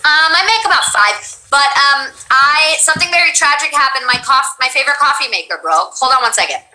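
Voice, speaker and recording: A woman's voice: high-pitched, animated, fairly quick, pushed and bright, echoey room, far from the mic, soft background music, rough recording. A woman streamer chatting casually with a guest, playful and joking.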